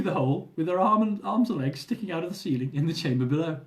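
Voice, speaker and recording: A man reading his own travel memoir aloud, his pitch rising and falling in an animated way as he tells the tale with amused chuckles. His voice sits a touch above the usual male pitch. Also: quick pace, hardly any pauses, echoey room. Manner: lively, amused storytelling with chuckles.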